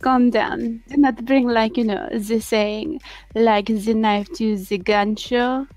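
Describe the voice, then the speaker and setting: A woman's voice: fairly high pitch, steady tone, slow pace, darkish tone, dry recording. A woman playing a cool, flirty French woman runner in a tabletop game, speaking in a stilted, careful way with a put-on French accent. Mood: placating. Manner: stilted, careful phrasing with many fillers.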